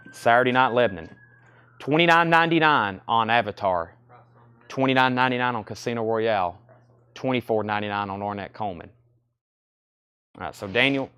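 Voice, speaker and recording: During a live record sale stream, a seller rattles off titles and prices, mixing in chatty asides. His medium-pitched voice is animated, a bit fast, smooth, and fairly bright.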